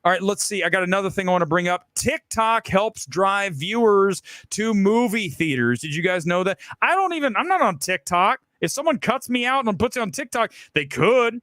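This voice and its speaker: A combative male film host rants on a live stream in a high, restless voice that leaps up and down in pitch. He sounds aggressive and sure of himself. The sound is close and dry with no room around it. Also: very animated, normal speed, few pauses, no echo. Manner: loud, combative, opinionated ranting. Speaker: film talk show host. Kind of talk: ranting live-stream commentary.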